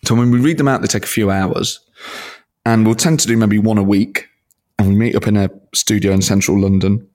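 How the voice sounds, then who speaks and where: Excitable, low-voiced male comedian. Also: brisk. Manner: excitable, self-deprecating, laughs often. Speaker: comedian and impressionist guest. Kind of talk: casual interview chat.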